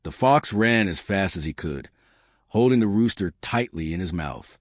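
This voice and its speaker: A man narrating scripted jokes in a lively storytelling manner. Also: low voice, normal speed, dry recording, studio quality. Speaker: joke narrator.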